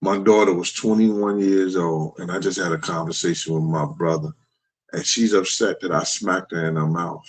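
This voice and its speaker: A middle-aged man with a lowish voice hosts a livestream and talks straight to his chat. He speaks bluntly and swears freely in a casual, conversational way. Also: steady tone, moderate pace, low-quality recording. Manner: blunt, profane storytelling. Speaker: livestream host.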